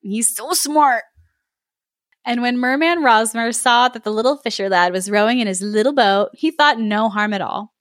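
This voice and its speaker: A woman podcast host reading a folk tale aloud, giggling and adding lively asides. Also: on the high side, moderate pace, dry recording, clean studio sound.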